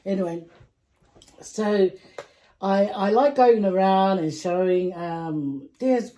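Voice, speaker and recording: A woman's voice: mid-range voice, slow, low-quality recording. A woman hosting her own eating vlog, chatting casually and giggling as she talks. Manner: chatty and giggly, trails off into soft asides. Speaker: vlog host and mother. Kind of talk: casual chat while eating.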